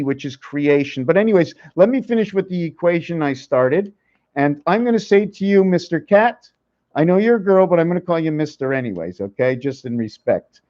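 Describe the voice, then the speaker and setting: Man vlogger, slightly high voice, rambling mystical monologue, dull lo-fi sound. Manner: musing, mystical, switches between French and English. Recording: dull lo-fi recording.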